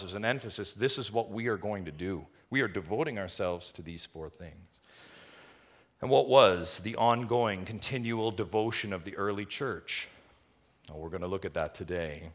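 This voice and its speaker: A man preaching a sermon, emphatic and full of rhetorical questions, swinging between quiet stretches and loud, rising lines. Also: low voice, normal speed. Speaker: pastor.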